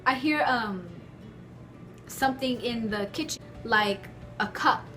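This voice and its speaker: Chatty young woman vlogger, high voice. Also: takes it slowly, over music. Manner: chatty, animated, many filler likes. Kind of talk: casual storytelling to camera. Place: her bedroom at home.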